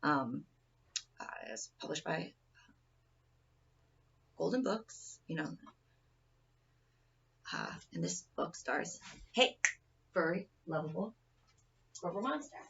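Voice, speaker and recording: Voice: mid-range voice, big pitch swings, takes it slowly, vocal fry, long pauses, fairly bright tone, breathy edge, muffled recording. A person giving an informal presentation speech in a rambling, casual way, often restarting sentences, recorded from a distance.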